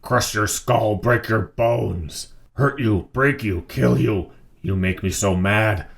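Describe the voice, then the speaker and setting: A man voicing a brutish, childlike male inmate who talks in slow, simple broken phrases. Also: medium pitch, flat delivery, creaky, voice pushed up, exaggerated voice. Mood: menacing.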